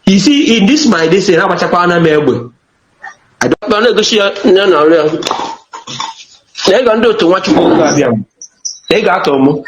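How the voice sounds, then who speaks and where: A man's voice: high-pitched, lively intonation, normal speed, pauses often, background noise. A man with a Nigerian accent giving a rambling testimony, switching between languages mid-sentence. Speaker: interviewee in a news clip. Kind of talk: emotional testimony in Nigerian Pidgin and Igbo. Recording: echoey, dull lo-fi clip.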